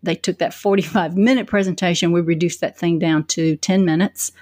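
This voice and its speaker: A woman's voice: lowish voice, steady tone, brisk, a little mellow, no echo. A woman answering interview questions as a public speaking coach, telling stories energetically with quoted asides.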